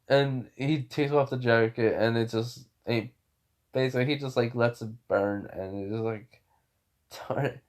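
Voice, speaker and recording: A man's voice: mid-range voice, fairly even intonation, measured pace. A young man casually retelling a fan story, rambling with many fillers and restarts.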